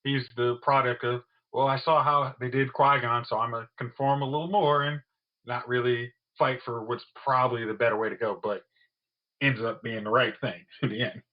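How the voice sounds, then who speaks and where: A man's voice: medium pitch, steady tone, moderate pace. A man with an everyday mid-range voice, chatting easily on a podcast and voicing characters in playful quotes. The sound is a bit muffled and lo-fi. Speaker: podcast co-host. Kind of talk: casual movie review chat. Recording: dull lo-fi sound.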